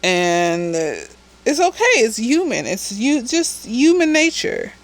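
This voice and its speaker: A woman's voice: fairly high pitch, big pitch swings, slow, rough recording. A woman therapist, slightly tipsy, giving a casual, blunt and profane recap of a TV episode with chatty asides.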